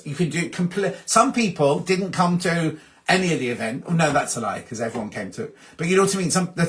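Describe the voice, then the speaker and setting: A man hosting a casual live-stream chat, reading out viewer comments and answering them one by one. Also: on the high side. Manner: chatty, reads out comments and answers them warmly. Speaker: host.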